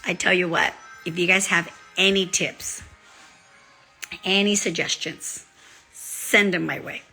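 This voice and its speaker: A bright, clear-toned woman in her thirties chatting straight to her viewers. She talks in a casual, animated way and jumps into little acted-out quotes. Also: lowish voice, a little slow, soft background music. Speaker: vlogger. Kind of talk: casual chat to camera.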